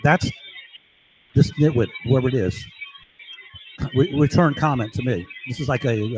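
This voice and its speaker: A man's voice: mid-range voice, normal speed, long pauses, a little mellow, soft background music, rough recording. A man talking in a rambling monologue, repeating himself and asking for agreement. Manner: repetitive, rambling, seeks agreement. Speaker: vlogger.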